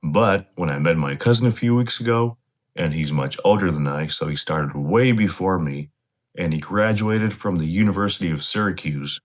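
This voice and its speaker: A man talking casually to camera, explaining slang in a relaxed, direct way to his viewers. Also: deep voice, moderate pace. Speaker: vlogger teaching slang.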